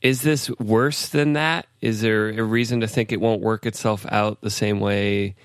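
A man's voice: on the low side, steady tone, a little slow, clear, resonant tone, dry recording, studio quality. A man hosting a casual tech podcast, rambling and conversational with frequent laughs. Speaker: podcast host.

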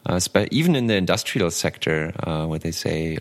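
A man's voice: low-pitched, expressive, moderate pace. A man speaking as a guest on a tech podcast, hesitant with lots of restarts and a wry humor. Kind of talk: casual tech podcast chat.

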